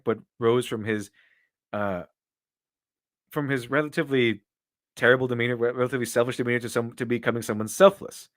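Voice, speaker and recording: Man, middle pitch, dry close sound, rambling streamer commentary, opinionated, lots of restarts. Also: a bit bright, no echo. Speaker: streamer reading viewer donations. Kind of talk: casual live-stream commentary.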